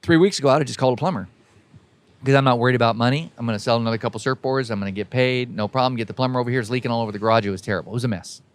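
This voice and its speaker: A man's voice: medium pitch, rapid-fire. A man hosting a podcast, delivering a folksy, emphatic motivational monologue that exhorts listeners directly. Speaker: podcast host.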